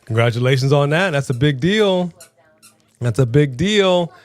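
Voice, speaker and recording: A man's voice: a little high, moderate pace, no room sound. A man co-hosting a live stream, chatting casually and playfully reading out viewer comments. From Southern California. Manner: energetic, playful, reads chat aloud.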